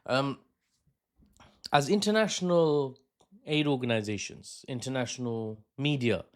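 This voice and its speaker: A man's voice: mid-range voice, measured pace. A man giving casual political commentary, rambling, with frequent fillers and self-corrections. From United Kingdom.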